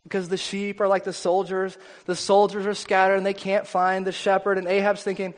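A male pastor preaching a sermon in a conversational, animated storytelling way, often restarting his sentences. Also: sits high, brisk, hardly any pauses. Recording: long hall reverb.

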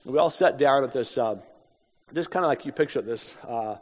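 A man's voice: mid-range voice, a little fast. Man preaching in an echoey hall. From United States. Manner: conversational, self-deprecating asides. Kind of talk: storytelling sermon.

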